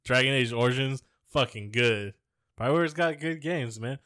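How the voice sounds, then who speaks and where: A man's voice: mid-range voice, moderate pace, fairly bright tone, dry recording, studio quality. Crude, rambling podcast co-host man. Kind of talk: casual comedic chat.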